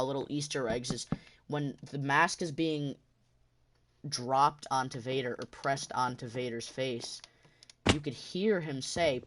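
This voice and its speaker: A man's voice: mid-range voice, noisy background. A man hosting a gaming channel, talking in a casual rambling monologue while he plays, passionate and often restarting his sentences.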